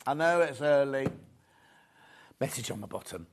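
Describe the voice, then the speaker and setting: A man's voice: medium pitch, lively intonation, moderate pace, long pauses. A man hosting a live shopping show, chatting casually, joking with the crew and reading out viewer messages. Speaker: shopping channel host.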